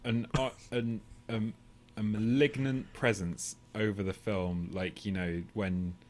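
A man's voice: fairly low pitch, steady tone, slow pace, background noise. A man co-hosting a podcast, talking casually in long rambling, tangential stretches with the odd swear. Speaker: podcast co-host. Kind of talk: casual chat.

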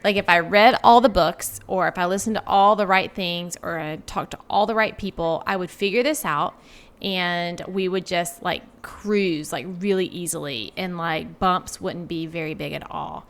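A woman's voice: on the low side, normal speed. Reflective woman in her forties. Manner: reflective, frequent "like" fillers. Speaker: guest author. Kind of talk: casual interview conversation.

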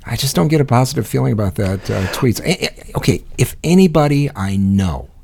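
A middle-aged man chatting casually on a podcast, blunt and profane, pausing often with "uh". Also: mid-range voice, big pitch swings, vocal fry, a little mellow. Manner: blunt, profane, hesitant with many uh's. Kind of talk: casual chat.

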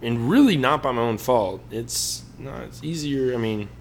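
A man's voice: mid-range voice, lively intonation, normal speed, slight background noise. Rambling, jokey male podcast host. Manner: rambling, jokey, talks to the audience as folks. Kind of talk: casual sports podcast chat.

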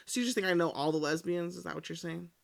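A woman's voice: lowish voice, fast, creaky. A woman co-hosting a casual gossip chat, reacting with short exclamations and teasing questions. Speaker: podcast co-host.

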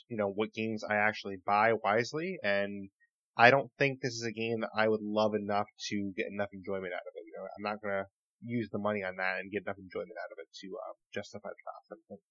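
Podcast host, male, low voice, dry close sound, muffled audio. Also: fairly bright tone, no echo. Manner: steers the discussion, calls on panelists. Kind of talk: casual podcast chat.

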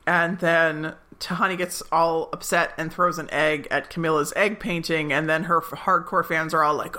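A woman co-hosting a podcast, chatting casually as she recaps a TV episode, with many asides and quick laughs. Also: lowish voice, sharp tone. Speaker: podcast co-host.

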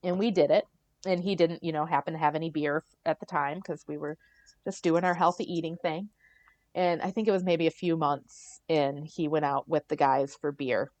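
A middle-aged woman guest on a podcast, telling her story in a casual, animated way, often acting out what others said and laughing. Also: sits low, normal speed, no room sound.

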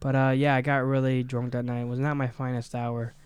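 A man with a smooth, resonant voice, recorded close and dry, co-hosting a casual podcast from an apartment. He tells profane stories and jumps into loud, animated quotes of the people in them. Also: mid-range voice, a little fast, dry recording. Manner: profane storytelling, acts out quotes loudly. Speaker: podcast co-host. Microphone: studio mic in apartment.

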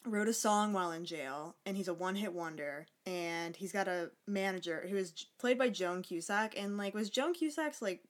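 A woman's voice: mid-range voice, moderate pace, few pauses. A woman in casual podcast chat, retelling a film's plot in a chatty, sarcastic way and swearing casually. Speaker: podcast co-host. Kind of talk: casual movie recap chat.

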